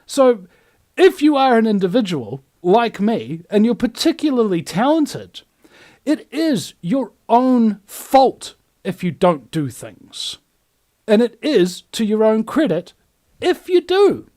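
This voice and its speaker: A man's voice: sits high, sing-song, slow, dark tone, no room sound, clean studio sound. Fiery New man ranting. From New Zealand. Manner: emphatic and scornful, acts out other people's voices. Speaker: host. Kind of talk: ranting monologue.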